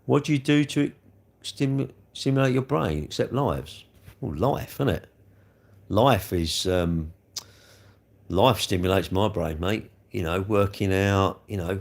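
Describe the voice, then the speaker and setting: A man's voice: low voice, vocal fry, a little mellow. Chatty man on a live stream. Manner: chatty and rambling, scolding trolls with rising heat. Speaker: livestreamer answering chat comments. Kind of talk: casual live-stream chat.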